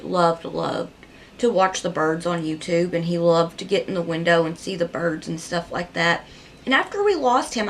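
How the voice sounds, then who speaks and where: A woman's voice: mid-range voice, a little hiss or hum. A woman doing a casual makeup tutorial, rambling in a chatty, heartfelt way and peppering her talk with "like". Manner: rambling, chatty and heartfelt, with frequent "like" and soft laughs. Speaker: makeup vlogger.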